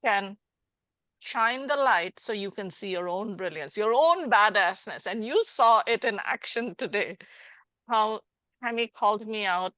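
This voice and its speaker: A woman life coach hosting a conversational interview, animated and acting out little scenes as she explains. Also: mid-range voice, a little slow, no echo. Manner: animated, acts out little scenes with changing voices. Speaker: life coach and podcast host.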